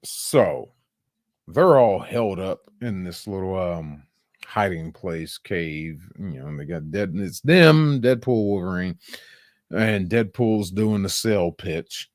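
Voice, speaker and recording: Animated laughing man reviewing movies. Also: low-pitched, slow, no echo, studio quality. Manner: animated, laughing, profane, with lots of quoted voices. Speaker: podcast host. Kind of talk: casual movie review chat.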